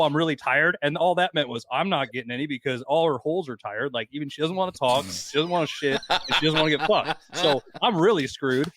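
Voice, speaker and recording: A man's voice: medium pitch, a bit bright, no room sound. A man in his forties telling rambling, profane stories on a podcast as a guest, acting out other people's lines. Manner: profane, rambling anecdotes with quoted voices. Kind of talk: casual podcast storytelling.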